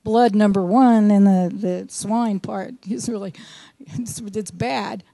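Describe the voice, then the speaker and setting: A woman's voice: mid-range voice, fairly even intonation, takes it slowly, creaky, mellow, dry recording, clean studio sound. A woman teaching a sermon, reading scripture with emphasis and mixing in earnest, folksy asides. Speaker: Bible teacher.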